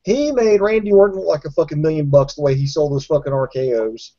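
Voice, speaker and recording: Mellow-voiced sarcastic man. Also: a little high, fast talker. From Alabama. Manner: dry, sarcastic. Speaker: podcast co-host. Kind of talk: casual wrestling review chat. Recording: dull lo-fi audio.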